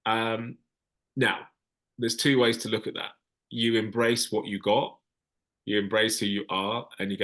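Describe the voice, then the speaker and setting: A man's voice: fairly low pitch, flat delivery, a little slow, pauses often, fairly bright tone. A man talks through questions as a casting director. He speaks frankly and often stops to restart his sentences. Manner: frank, hesitant, with many restarts. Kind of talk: Q&A advice session.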